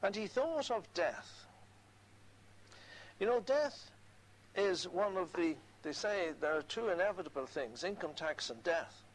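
An older man preaching a sermon, reading scripture slowly and adding conversational asides. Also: high-pitched, expressive, a little hiss or hum, rough recording.

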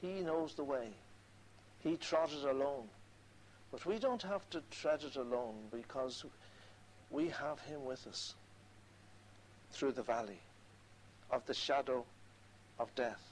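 A man's voice: medium pitch, takes it slowly, pauses often, a little hiss or hum, low-quality recording. A man preaching a sermon, earnestly quoting scripture and repeating key phrases for emphasis.

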